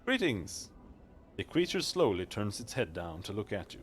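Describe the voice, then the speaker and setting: Man quickly reading game text aloud. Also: fairly low pitch, sing-song, a little hiss or hum. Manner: quick reading with stumbles and restarts. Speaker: streamer.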